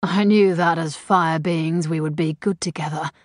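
A woman voicing a soft-spoken male lover. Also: sits low, fairly even intonation, normal speed, no room sound, studio quality. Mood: tender. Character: tender, confident male lover.

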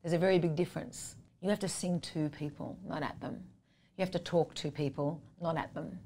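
Husky woman, low and earnest. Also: steady tone, a little fast, warm tone, slight background noise. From Australia. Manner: earnest, emphatic, speaks in short punchy phrases. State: tired from much singing and little sleep. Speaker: guest singer and vocal teacher. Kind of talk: conversational interview.

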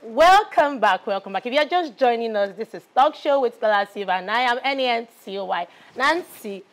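A woman's voice: on the high side, expressive, brisk, natural voice. A woman from Nigeria playing a chatty young TV talk show host in a film, with repetitive presenter patter. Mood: upbeat.

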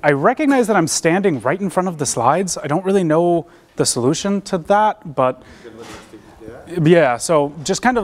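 A man's voice: fairly high pitch, expressive, normal speed. Casual American man giving a seminar. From United States. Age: young adult. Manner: casual, self-deprecating, many fillers and restarts. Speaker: seminar presenter. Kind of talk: academic seminar talk. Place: lecture room.

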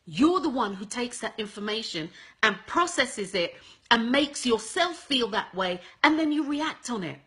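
A woman's voice: fairly high pitch, big pitch swings, a little slow, fairly bright tone, husky. A woman hosting a motivational advice talk, emphatic and repetitive, calling her viewers guys. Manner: emphatic, repeats points, addresses viewers as guys. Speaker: host.

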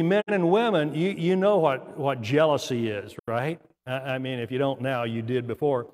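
A man's voice: mid-range voice, in a large hall. An older man, a pastor, preaching a sermon in folksy storytelling style with asides and laughs. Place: church sanctuary.

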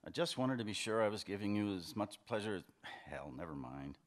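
A man's voice: lowish voice, expressive, lightly acted. A man reading fiction aloud, voicing a brooding husband who hedges and stumbles before he answers. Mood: defensive. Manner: hesitant, halting, defensive. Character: defensive husband, brooding and evasive. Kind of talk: literary reading, acted dialogue.

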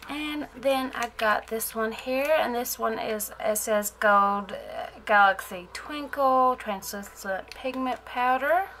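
A woman chatting casually in a haul vlog, gushing and excitable and repeating her exclamations. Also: on the high side, slow, few pauses, slight background noise. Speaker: nail art vlogger.

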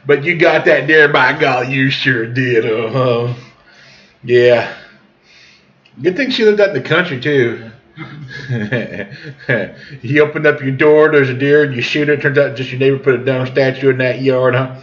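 Slow folksy man. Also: medium pitch, a bit bright. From southern Missouri. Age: 40s. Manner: chuckling, goes on tangents. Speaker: storyteller. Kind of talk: rambling folksy storytelling. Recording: dull lo-fi recording.

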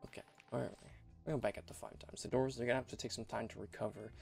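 Young male gameplay commentator: very gravelly, fry-heavy voice, chatty and rambling, with soft music underneath. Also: medium pitch, fairly even intonation, quick pace. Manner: rambling and chatty, repeats and restarts phrases. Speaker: game commentator. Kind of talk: casual let's-play commentary.

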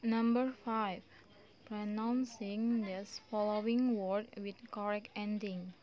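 A young woman with an Indonesian accent, a student slowly reading her pronunciation exam answers with frequent pauses and fillers. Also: medium pitch, steady tone, lo-fi sound. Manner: slow, halting delivery with many pauses and fillers.

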